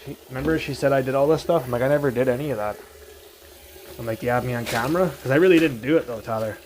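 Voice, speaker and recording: A man's voice: mid-range voice, rapid-fire. A young man rants into his phone at home during a livestream, swearing freely and circling back through a grievance. His voice sits in a middle register, with a faint hiss of background noise under it. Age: young adult. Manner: rambling, profane, aggrieved storytelling. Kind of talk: casual livestream rant. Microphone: phone livestream mic.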